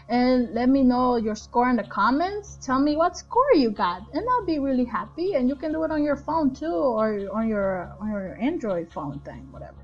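A young woman talks through a game at home, rambling and excitable and full of fillers. Her voice sits a little high. It comes through a dull, lo-fi headphone mic with faint music underneath. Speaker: gaming channel host. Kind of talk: casual let's-play commentary.

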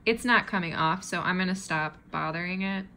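A woman's voice: on the low side, fairly quick, a little hiss or hum. Chatty woman cooing to a spider. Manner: chatty, talks softly and coos to the spider. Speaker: tarantula keeper. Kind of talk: casual vlog.

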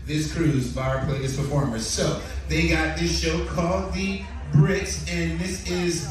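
A man working as cruise director, hosting a chatty, joking trivia warm-up for a theater audience. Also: fairly high pitch, steady tone, unhurried. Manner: upbeat, chatty, joking with the crowd. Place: large ship theater stage. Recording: distant, echoey theater PA recording. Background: audience crowd reacting.

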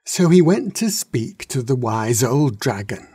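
A man reading a children's story aloud in an unhurried, gentle way. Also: medium pitch, sing-song, slightly rough, dry recording, clean studio sound. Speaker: narrator.

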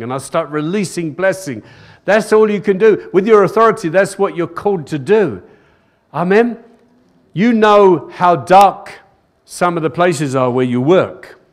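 A man's voice: a little high, expressive, a little slow. An older man, a pastor, preaching a sermon to a live congregation in a church, repeating phrases for emphasis and calling out "Amen?" to the room. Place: church service, recorded live.

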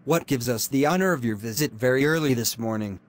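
A man voicing a calm, devout older brother in an animated drama, polite and measured. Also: mid-range voice, lightly acted.

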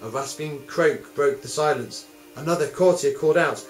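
Male music teacher narrating a tale, mid pitch, echoey room with music behind. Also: normal speed. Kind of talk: storytelling over music.

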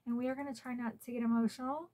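A woman's voice: fairly high pitch, level tone, very fast, warm tone. A woman hosting a casual unboxing vlog at home, chatty and openly emotional, close to tears at times. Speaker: collector channel host.

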